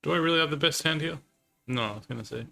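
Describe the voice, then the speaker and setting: Bright-voiced male game streamer. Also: fairly high pitch, fast talker, vocal fry, faint music behind. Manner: chatty, reacts to chat, swears casually. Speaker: live streamer. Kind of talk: live-stream gaming commentary.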